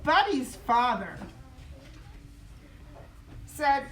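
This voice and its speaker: High, expressive woman reading a story aloud. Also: takes it slowly, a little hiss or hum. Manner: expressive, questioning the class. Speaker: teacher. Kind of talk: class read-aloud.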